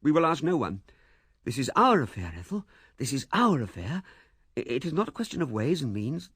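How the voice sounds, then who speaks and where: A man's voice: medium pitch, sing-song, fairly quick, fairly bright tone, breathy edge, no echo, clean studio sound, voice pushed up. A man playing an urgent, earnest young suitor. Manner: pressing, insistent. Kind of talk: audiobook character voice.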